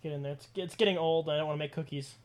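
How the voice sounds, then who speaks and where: A man's voice: a little high, steady tone, very fast. A young man co-hosting a casual podcast, joking crudely and swearing constantly. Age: young adult. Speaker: podcast co-host. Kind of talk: casual chat.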